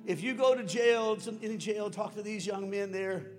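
A man preaches a sermon in a very high voice, trading quiet, drawn-out lines for shouted peaks and chuckling through his stories. His words ring with the long reverb of a large hall, and soft music plays faintly underneath. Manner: swings from hushed to shouting; storytelling with chuckles.

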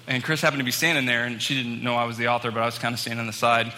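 Bright-voiced preacher in a big hall. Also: male voice, medium pitch, rapid-fire, a little hiss or hum. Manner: animated, acts out quoted people, rising excitement. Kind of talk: storytelling sermon. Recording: long hall reverb, faint ambience.

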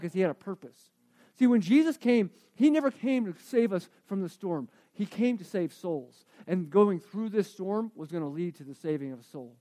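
High-voiced man preaching a sermon. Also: lively intonation, moderate pace, warm tone.

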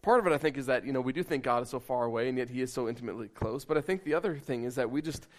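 A man preaching a sermon in a conversational, animated, self-deprecating way. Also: medium pitch, racing. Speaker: pastor.

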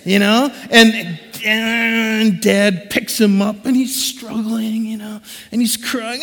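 High-voiced preacher in a reverberant hall. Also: male voice, slow pace, few pauses. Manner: conversational and animated, acts out quoted voices. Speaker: pastor. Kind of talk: sermon.

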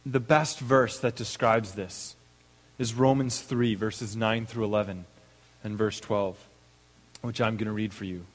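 A man's voice: on the low side, fairly even intonation, unhurried, big-room sound, low-quality recording. A man preaching a sermon, moving from a told story into reading scripture. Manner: storytelling with acted voices, then reading scripture. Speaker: pastor. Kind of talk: sermon with an opening joke.

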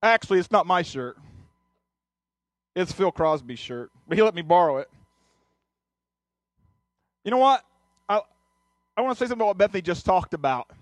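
A man's voice: high-pitched, no room sound. A male pastor telling a personal story in a sermon, earnest, often restarting and repeating his words. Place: church sanctuary.

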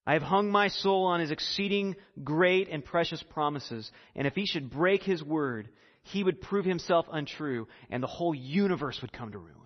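A man's voice: a little high, expressive, normal speed, hardly any pauses. Old Scottish woman, bedridden, fervent and steadfast; male preacher doing the voice, dull recording with hall echo.

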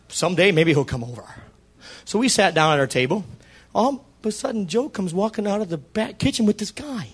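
Animated husky preacher man telling a story. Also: sits high, fairly quick. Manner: animated, acts out dialogue with shifting voices. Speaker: pastor. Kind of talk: storytelling sermon.

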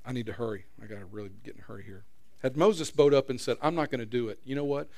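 A middle-aged man preaching a sermon as pastor, an earnest storyteller who swings from loud emphasis to quiet prayer. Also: mid-range voice, quick pace, creaky.

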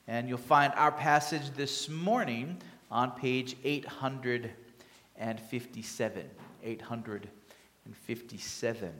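A pastor preaching a sermon to his congregation in a conversational way, often pausing with fillers and restarting his sentences. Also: mid-range voice, fairly bright tone, a little hiss or hum. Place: church sanctuary. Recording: long hall reverb.

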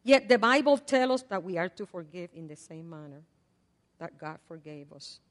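An older woman preaching a sermon in a conversational way. She swings between loud repeated prayers and soft asides. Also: lowish voice, lively intonation, moderate pace. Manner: conversational, with fillers and laughs. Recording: long hall reverb.

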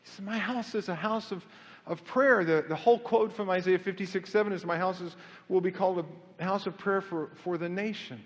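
A man's voice: high-pitched, a little fast. A middle-aged male pastor preaching a sermon in a church, conversational and self-deprecating, building to fervent emphasis. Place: church sanctuary. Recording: muffled sound with long hall reverb.

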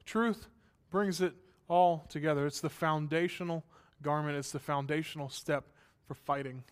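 Guy preaching a sermon, kinda high voice, smooth and clear, gets fired up then drops into dry jokes. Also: fairly even intonation, normal speed. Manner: earnest, building to emphatic passages, with dry asides. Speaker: pastor.

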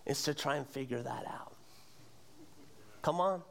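A man's voice: mid-range voice, measured pace, creaky, slight background noise. A male pastor preaching a sermon, earnest, quizzing the congregation and repeating words as he goes.

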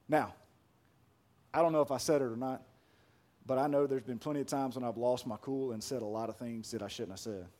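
A pastor in his thirties preaching a sermon, emphatic and deliberate, then soft and hushed as he tells a personal story. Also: mid-range voice, fairly even intonation.

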